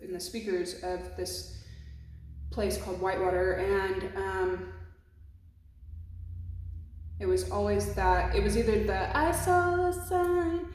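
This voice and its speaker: A woman's voice: medium pitch, flat delivery, slow, long pauses, a little mellow, a little hiss or hum. A woman giving a casual, emotional tarot reading, swearing freely and speaking in a reflective way. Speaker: tarot reader. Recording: very echoey room.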